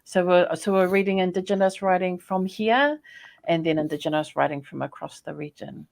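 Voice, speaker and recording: A woman from New Zealand with a New Zealand accent, a scholar telling stories in a chatty, animated way on a podcast call. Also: fairly low pitch, moderate pace, creaky. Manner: chatty, animated storytelling with laughs. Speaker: guest, Māori scholar and poet. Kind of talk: casual podcast conversation.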